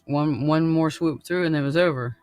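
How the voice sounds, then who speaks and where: A man's voice: fairly high pitch, normal speed, a little mellow, clean tone, no room sound. A man hosting a podcast in casual chat, laid-back and laughing often, swearing freely. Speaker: podcast host.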